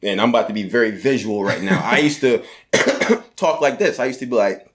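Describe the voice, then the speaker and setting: A man being interviewed, telling personal stories in an energetic, heartfelt way, with a mild stutter and plenty of "like" and "essentially". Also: medium pitch, a little fast. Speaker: guest entrepreneur. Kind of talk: casual conversational interview.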